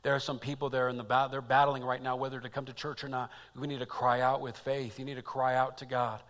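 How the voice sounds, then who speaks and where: A man preaching a sermon as pastor, dropping to quiet reflection and rising to loud, repeated calls. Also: medium pitch, little pitch movement, fast, big-room sound. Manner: swings from hushed to loud and emphatic; repeats phrases for emphasis.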